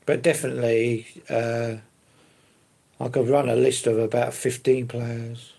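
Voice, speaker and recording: A man hosts a relaxed live stream and answers viewers as they come in. His voice sits at a middling pitch with a gravelly edge, and he rambles along easily, leaning often on fillers. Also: measured pace. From London. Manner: easygoing, rambling, fillers and hedges like to be honest.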